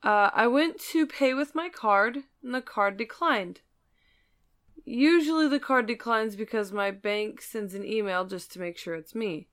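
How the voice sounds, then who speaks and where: A woman in her thirties tells a story in an easy, casual chat and keeps breaking into laughter. Her voice is smooth and clear, a bit high, and she takes her time. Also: unhurried, fairly bright tone. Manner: laughs through her own stories. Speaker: storyteller and co-host.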